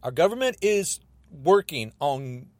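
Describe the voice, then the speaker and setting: An angry man hosting his own podcast, ranting about politics in an agitated, repetitive way, often rising almost to a shout. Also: fairly high pitch, big pitch swings, unhurried, no echo. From United States. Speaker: podcast host.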